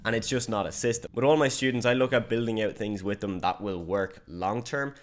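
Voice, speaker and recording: A man talking as a business coach in an online course lecture, direct and conversational, with deliberately varied emphasis. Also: fairly low pitch.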